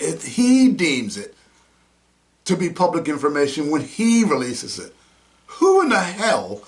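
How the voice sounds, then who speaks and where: A male host delivers heated, mocking commentary. His voice sits high and swings widely as he rants. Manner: indignant, mocking, name-calling rants. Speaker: podcast host.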